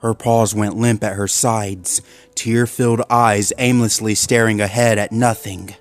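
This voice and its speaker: A man's voice: fairly low pitch, fairly even intonation, measured pace, faint music behind. Man narrating a horror story.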